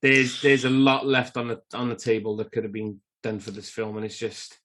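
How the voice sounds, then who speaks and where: A relaxed man co-hosting a film podcast, his voice sitting in the middle of the male range. He moves the conversation along in an easy, matter-of-fact way. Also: mid-range voice, normal speed. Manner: relaxed, steers the show along. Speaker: podcast co-host. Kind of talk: casual film podcast chat.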